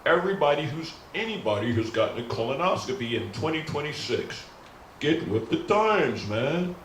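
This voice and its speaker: A man's voice: fairly high pitch, sing-song, normal speed, fairly bright tone, reverberant, slight background noise, voice pushed up, rough recording. A man voicing his stoned male buddy, who talks in insistent slang. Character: high, laid-back male buddy pushing new trends.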